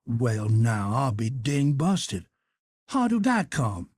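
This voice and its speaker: Guy reading as a stubborn folksy man, husky, arguing in thick dialect. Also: medium pitch, big pitch swings, slow, darkish tone, no room sound. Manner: dialect-heavy, insistent arguing.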